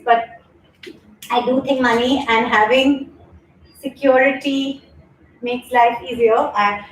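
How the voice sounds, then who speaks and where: Woman leading a home yoga stream, chats with viewers then calls out stretches, kinda high voice, roomy echo. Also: slight background noise. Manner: chatty and open, reads viewer comments aloud, then cues stretches. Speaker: yoga instructor and show host. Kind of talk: live-streamed yoga class with casual chat. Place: home room. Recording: echoey room with faint background ambience.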